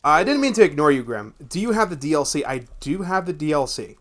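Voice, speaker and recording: A young man with a gravelly voice, streaming a game from home and chatting in a rambling, profane way. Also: fairly high pitch, big pitch swings, a little fast, a bit bright, a little hiss or hum. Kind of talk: casual gameplay chat.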